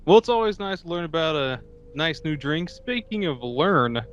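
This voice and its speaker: A man's voice: fairly high pitch, lively intonation, moderate pace, clear, resonant tone, dull audio, soft background music. A man co-hosting a podcast, joking and swearing freely as he acts out scenes. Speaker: podcast co-host. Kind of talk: casual chat.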